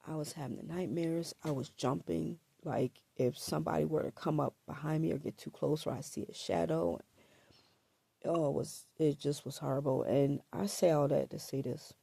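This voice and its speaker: A woman telling her own story to camera in a halting, hesitant way, repeating words and filling pauses, with a throat scratchy from allergies. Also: sits low, creaky, mellow, husky, no room sound.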